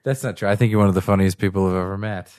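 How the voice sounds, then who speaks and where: A man's voice: sits low, steady tone, very fast, darkish tone, no room sound, clean studio sound. A man co-hosting a casual drunk podcast, laughing often and acting out voices as he tells stories. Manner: laughing, acts out voices in retellings. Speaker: podcast co-host. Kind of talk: casual chat.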